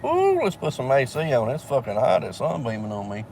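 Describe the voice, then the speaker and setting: A man's voice: mid-range voice, wildly swooping pitch, fairly quick, noisy background. A man from Alabama with a Southern accent, telling a long story in a casual vlog, swearing heavily and rambling with fillers, recorded in a vehicle.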